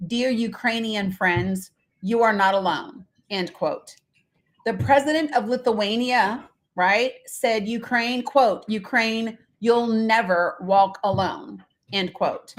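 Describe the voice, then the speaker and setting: A woman hosting a casual live stream, talking bluntly with lots of fillers and reading out viewer comments. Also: a little high. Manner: chatty, blunt, with frequent fillers; reads viewer comments aloud and talks to her kids mid-stream.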